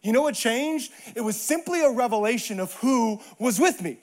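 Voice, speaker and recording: A man with a notably high voice delivers a sermon. He tells a personal story with playful, acted-out lines, then lifts into emphatic, building preaching. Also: lively intonation, moderate pace.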